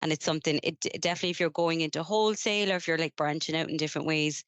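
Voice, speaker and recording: A woman's voice: sits low, rapid-fire, a bit bright, clear, resonant tone, no echo. A woman hosting a podcast and giving practical business advice in a casual way, with fillers and repeated words.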